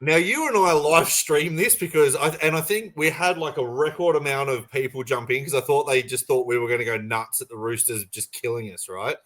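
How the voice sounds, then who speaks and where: A man's voice: mid-range voice, a little fast, hardly any pauses, a bit bright. A man co-hosting a sports podcast over a remote call, talking passionately and rambling with restarts. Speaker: podcast co-host. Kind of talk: casual sports chat.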